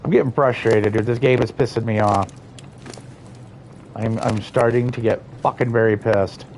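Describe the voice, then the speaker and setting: Man, livestream gamer, exasperated, cursing, mid pitch, faint background hiss. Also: steady tone, moderate pace, darkish tone. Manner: frustrated, swearing, muttering at the game. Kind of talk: live gameplay commentary.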